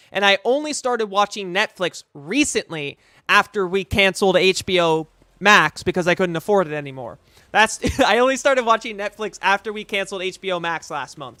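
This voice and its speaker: Excitable high-voiced male streamer. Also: clean tone, no echo. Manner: rambling, profane, excitable. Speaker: streamer and host. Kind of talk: casual live-stream reaction chat.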